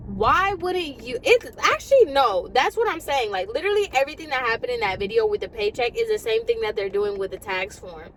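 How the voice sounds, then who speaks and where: Young woman ranting fast in a parked car. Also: a little high, slight background noise, rough recording. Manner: exasperated, ranting, rapid and animated. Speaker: vlogger. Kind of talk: casual rant to camera.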